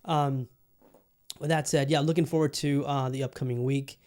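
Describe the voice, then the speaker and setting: A man hosting a solo podcast in an easygoing, rambling way. His voice sits at an ordinary middle pitch, full of fillers and casual swearing. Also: steady tone, normal speed, a little mellow. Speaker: podcast host.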